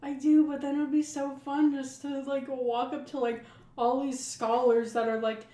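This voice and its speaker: A woman's voice: high-pitched, little pitch movement, moderate pace, warm tone. A young woman co-hosting a podcast, chatting casually and playfully, laughing often and acting out silly voices. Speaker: podcast co-host. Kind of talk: casual chat. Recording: echoey room.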